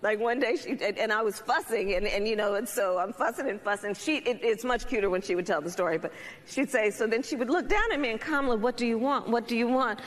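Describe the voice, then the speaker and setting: A woman's voice: on the high side, fast talker. Female speaker on stage, amused rambling story, reverberant hall. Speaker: author on stage. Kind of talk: casual anecdote on stage.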